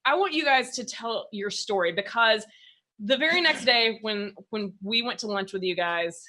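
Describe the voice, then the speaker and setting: A woman's voice: fairly high pitch, moderate pace. A woman hosting a casual interview, telling stories with lots of energy and laughter, acting out her own thoughts. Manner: animated storyteller, laughs often, acts out her own thoughts. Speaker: podcast host.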